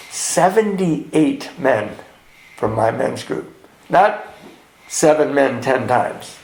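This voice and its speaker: A man's voice: mid-range voice, slow, vocal fry, a little mellow. A man speaking at a men's retreat, telling a candid personal recovery story and acting out the lines of the people in it. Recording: roomy echo in a retreat hall.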